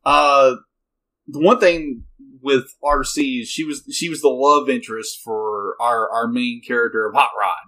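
Male co-host, bright sharp voice, hesitant casual talker who often agrees. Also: medium pitch, fairly even intonation, a little slow. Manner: hesitant, repeats words, lots of agreeing. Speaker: podcast co-host. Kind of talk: casual movie review chat.

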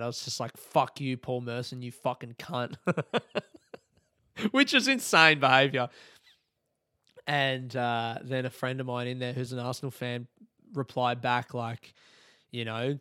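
An Australian man in his thirties, a comedian hosting his podcast, telling a sweary, self-mocking story in a casual, animated monologue. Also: mid-range voice, clear, resonant tone, dry recording, clean studio sound.

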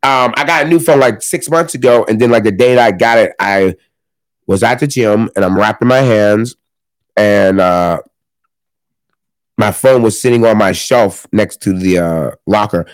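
A man's voice: lowish voice, normal speed, no echo. Rambling young man, casual chat. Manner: rambling, many fillers and restarts, swears freely. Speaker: guest, gym owner and fighter.

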